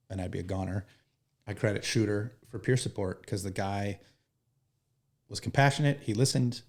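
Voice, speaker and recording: Gravelly-voiced joking firefighter. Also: male voice, lowish voice. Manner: animated, joking, profane. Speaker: firefighter guest. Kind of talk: storytelling in a podcast interview.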